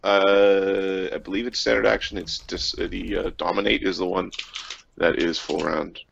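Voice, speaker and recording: A man's voice: low-pitched, flat delivery, normal speed, creaky, fairly bright tone, highs cut off, slight background noise. A man playing a tabletop game, talking casually and cursing now and then. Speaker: player.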